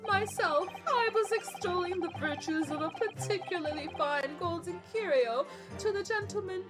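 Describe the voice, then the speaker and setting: A woman voicing a fussy, pompous old gentleman in a courtroom game. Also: very high voice, normal speed, music in the background, voice pushed up.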